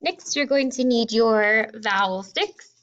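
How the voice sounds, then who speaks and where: Slow, gentle kindergarten teacher woman. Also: a little high, expressive, lo-fi sound. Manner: encouraging, sounds out words slowly and distinctly. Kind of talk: slow, clear phonics lesson for young children.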